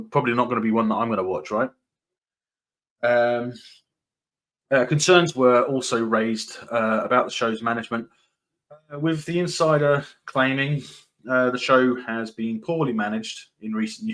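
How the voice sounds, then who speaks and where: A man talking casually on his own commentary channel, in a voice of ordinary middle pitch. He rambles with lots of ums and restarts, breaks in with short dry laughs, and is dismissive and repetitive as he hammers his points. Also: a bit bright. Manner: dismissive, repeats points for emphasis. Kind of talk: casual opinion commentary, reading news excerpts.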